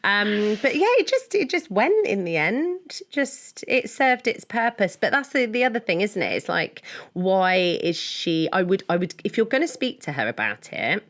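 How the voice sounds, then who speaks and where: A woman's voice: medium pitch, big pitch swings, normal speed, hardly any pauses, fairly bright tone. A woman co-hosting a podcast, chatting casually, laughing often and restarting her sentences. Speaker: podcast co-host. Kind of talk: casual chat.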